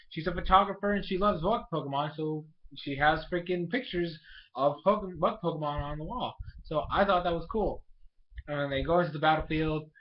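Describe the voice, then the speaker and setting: Chatty young man, slightly high voice. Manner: chatty and rambling, full of fillers like "like" and "freaking". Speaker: anime episode reviewer. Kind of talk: casual video review. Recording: dull lo-fi home recording.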